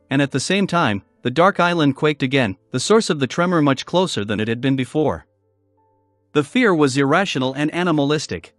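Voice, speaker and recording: Animated man narrating a fantasy novel. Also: a little high, dry recording. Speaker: audiobook narrator. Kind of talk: scripted narration.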